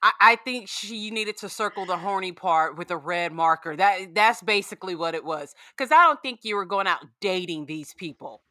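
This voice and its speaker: Blunt, bright-voiced woman guest. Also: medium pitch, moderate pace, few pauses, no room sound, clean studio sound. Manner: blunt, animated, swears freely. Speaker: podcast guest. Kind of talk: casual chat.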